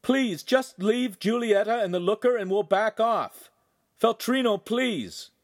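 A man's voice: a little high, very animated, moderate pace, no echo, studio quality, pitched above the performer's own voice. A man voicing an anxious but brave young male apprentice who talks in an earnest, urgent way. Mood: pleading shout.

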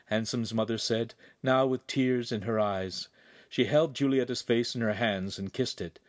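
A man reading a young adult novel aloud as its narrator, with expressive storytelling. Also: mid-range voice, moderate pace, dry recording, studio quality. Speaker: audiobook narrator. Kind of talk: scripted narration.

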